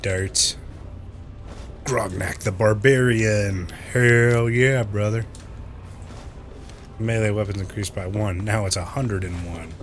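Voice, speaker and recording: A man hosting a let's play, giving gameplay commentary full of jokes, swearing and quick reactions. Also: lowish voice, steady tone, soft background music.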